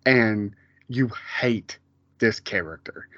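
A man's voice: mid-range voice, a little slow, fairly bright tone, no echo, lo-fi sound. A man co-hosting a podcast, chatting casually in a rambling way with many fillers and restarts. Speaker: podcast co-host. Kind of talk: casual chat.

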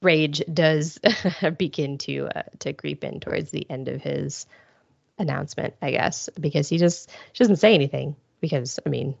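A woman's voice: deep voice, normal speed, vocal fry, a little mellow, no echo, dull audio. A woman co-hosting a podcast, talking casually in a drily understated way. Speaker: podcast co-host. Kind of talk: casual chat.

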